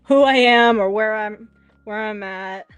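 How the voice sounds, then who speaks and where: A woman's voice: medium pitch, measured pace, smooth. A woman co-hosting a livestream, chatting casually with a giggly, rambling manner. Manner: giggly, rambling, laughs often. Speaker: stream co-host.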